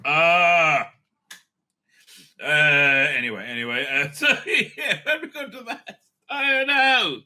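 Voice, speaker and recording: A man's voice: fairly high pitch, lively intonation, slow, bright, forceful tone. A man hosting his own online show, rambling in a loose, profane, laughing commentary style. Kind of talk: casual ranting commentary.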